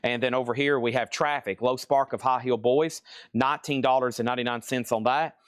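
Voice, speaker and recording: Male seller, live sale patter, brisk and chatty, mid-pitched, dry close sound. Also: fairly even intonation, clean tone, no room sound. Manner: brisk, chatty, lists items and prices. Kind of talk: live auction and price calling.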